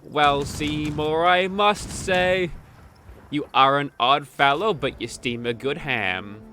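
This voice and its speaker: Man doing a stern cartoon superintendent, older, skeptical, gruff, slow. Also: a little high, sharp tone, a little hiss or hum. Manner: gruff, suspicious questioning. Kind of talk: cartoon scene reenactment.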